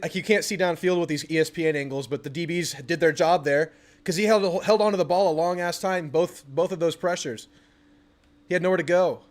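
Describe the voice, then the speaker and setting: A young man with a fairly high voice hosts a live football watch party, talking casually through the game. He flips from relaxed chatter to excited yelling at the screen when his team makes a play. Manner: excitable, yells at the TV during big plays. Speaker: sports channel host.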